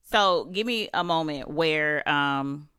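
A woman's voice: low-pitched, takes it slowly, bright, forceful tone, clear, resonant tone, no room sound, studio quality. A woman hosting a casual panel chat, playful and joking with slangy talk. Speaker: host.

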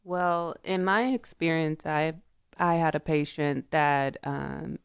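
A woman's voice: sits low, slow pace, gravelly, smooth, no echo, clean studio sound. A woman healthcare guest on a panel chat, speaking in an emphatic, earnest way.

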